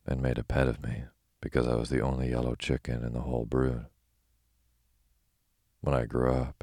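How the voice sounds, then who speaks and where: A man voicing a proud, fussy yellow hen in a storybook reading, prim and easily offended. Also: rumbling low, gravelly, no room sound, studio quality, exaggerated voice.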